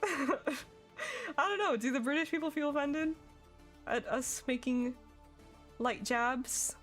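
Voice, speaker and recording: A woman's voice: high voice, takes it slowly, fairly bright tone, soft background music. A young woman streaming a game, chatting casually and giggling as she reads her chat.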